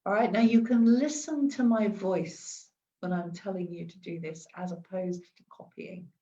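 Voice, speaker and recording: A woman's voice: fairly low pitch, fairly even intonation, moderate pace, dark tone, recorded from a distance, muffled recording. A woman giving chatty advice in a live stream, often repeating and restarting words. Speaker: wellness coach.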